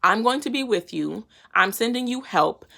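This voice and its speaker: A woman's voice: on the high side, expressive, normal speed, vocal fry, sharp tone, heavily acted. A woman voicing God as an exasperated, slangy male figure who scolds and reassures, within a casual Bible lesson. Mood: reassuring.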